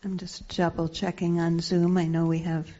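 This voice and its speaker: A soft-voiced woman leading a reflective group sharing, speaking thoughtfully with many pauses and fillers, on a muffled lo-fi recording. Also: fairly low pitch, flat delivery. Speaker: group facilitator.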